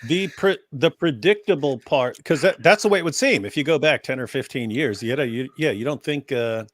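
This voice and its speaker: A man's voice: mid-range voice, animated, fairly quick, a bit bright, dry recording, studio quality. A man co-hosting a casual livestream, trading jokes and teasing banter. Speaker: co-host.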